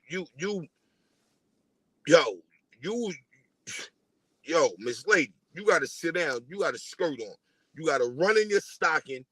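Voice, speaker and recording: A man's voice: high-pitched, a bit bright, dry recording. A man from New delivering a casual, profane diss rant at a rival, taunting and repeating himself.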